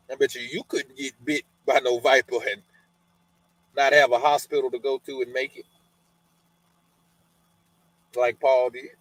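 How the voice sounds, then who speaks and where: Male podcast host, middle pitch, dry close sound, reads scripture aloud, loose colloquial commentary. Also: dry recording, rough recording. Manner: conversational and colloquial, often adds "man" and "you know". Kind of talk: scripture reading with casual commentary.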